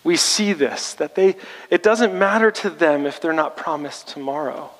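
A man's voice: moderate pace, fairly bright tone, long reverb tail, low-quality recording. A man pastor preaching a sermon, turning rallying and emphatic as he challenges the congregation. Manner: rallying, rising in pitch and force when challenging the congregation.

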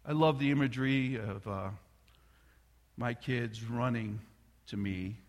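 A middle-aged man preaching a sermon as a pastor, telling a family story in a loose conversational way with restarts, sometimes dropping to a soft near-whisper. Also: mid-range voice, a little slow, dull audio. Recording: long reverb of a large hall.

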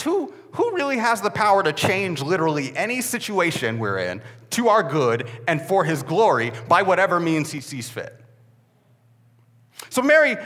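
A young man preaching a sermon in a lively, joking way, often repeating words as he restarts his sentences. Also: on the high side. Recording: long hall reverb.

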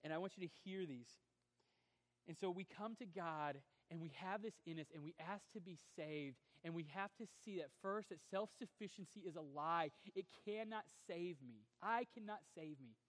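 A male pastor preaching a sermon, swinging between forceful emphasis and quiet, drawn-out lines. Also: fairly high pitch. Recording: long hall reverb.

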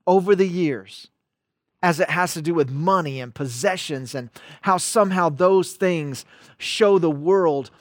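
A pastor preaching a sermon, stressing and repeating key words and calling out to viewers online. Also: male voice, fairly high pitch, dry recording, studio quality.

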